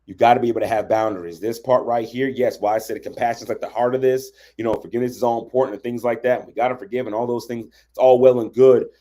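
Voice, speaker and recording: A man's voice: medium pitch, steady tone, quick pace, few pauses, mellow. A man teaching relationship boundaries on a livestream, talking conversationally and often checking in with "right?". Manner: conversational, keeps asking "right?". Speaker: relationship coach.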